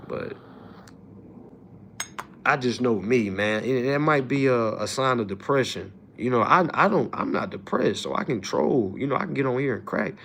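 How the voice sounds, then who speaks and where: A young man hosting a livestream, ranting casually to his audience in slangy, profane talk, swinging from loud outbursts to low asides. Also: creaky, a little hiss or hum. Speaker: livestream host.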